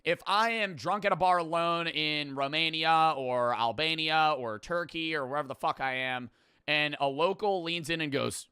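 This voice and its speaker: A man's voice: fairly high pitch, normal speed, pushed and bright, clear, resonant tone, no echo, clean studio sound. A young man, riffing loosely and profanely as he reacts to a video on stream. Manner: loose, profane, joking, talks over the video. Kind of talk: casual reaction commentary.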